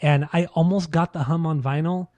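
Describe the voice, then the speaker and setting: A man's voice: on the high side, fairly even intonation, brisk, a little mellow, no room sound. A man co-hosting a podcast, chatting casually and profanely about albums in a loose, rambling way. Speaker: podcast co-host. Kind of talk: casual music review chat.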